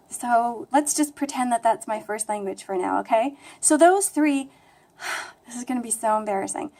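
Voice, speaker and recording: A young woman with a flat American accent, chatting casually to camera in a rambling, self-deprecating way. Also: on the high side. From United States. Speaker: language vlogger. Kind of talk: casual talking-to-camera vlog.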